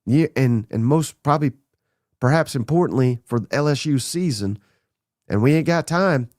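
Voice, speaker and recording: A man hosting a sports podcast, talking bluntly and excitedly through a list of names, a little under the weather. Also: medium pitch, normal speed, no room sound, studio quality. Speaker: podcast host. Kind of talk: casual sports talk monologue.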